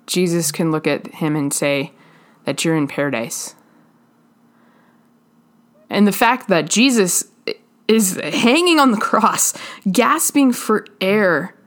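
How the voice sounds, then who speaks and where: A woman giving a sermon in a slow, halting, earnest way, pausing often between phrases. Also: fairly low pitch. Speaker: preacher.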